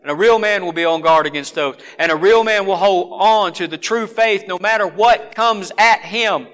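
A man preaching a sermon, swinging from forceful exhortation to hushed earnestness. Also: high-pitched, normal speed.

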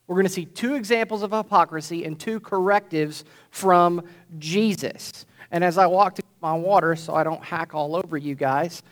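A male pastor with a high-sitting voice at normal speed preaches to his congregation in church. His sermon is conversational, and he keeps checking in with "right?"

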